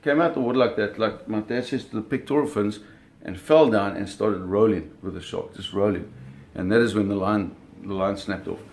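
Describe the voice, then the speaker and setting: A creaky, darkish, low-leaning male voice recounts shark hunting in a relaxed, personal anecdote at a moderate pace. Vivid sound effects punctuate the story, along with many self-corrections and repeated words.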